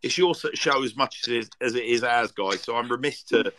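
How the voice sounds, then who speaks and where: A man's voice: medium pitch, normal speed, bright, forceful tone, slight background noise, rough recording. A man hosting a football fan podcast, chatting casually and reading listener tweets aloud in a rambling way, with many ums and restarts. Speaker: podcast host.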